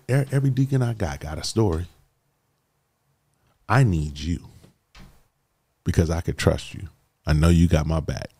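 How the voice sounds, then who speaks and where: A man with a very low, deep voice shares a personal story in a relaxed, animated way. He talks casually and keeps calling the listener "bro." His tone is heartfelt and conversational. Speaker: guest sharing his life story.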